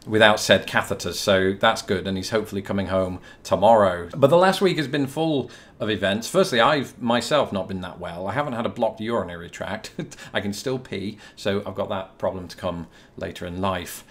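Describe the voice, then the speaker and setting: Answering viewers' questions to camera, a young man from Britain rambles along in a chatty way, poking dry fun at himself. His voice is lowish and a bit bright, at a moderate pace.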